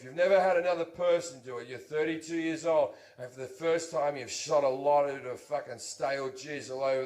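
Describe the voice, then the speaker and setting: A man in his thirties doing crude, swearing stand-up storytelling on stage, bursting into loud stretches. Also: high voice. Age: 30s. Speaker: stand-up comedian. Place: comedy stage before an audience. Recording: echoey stage recording.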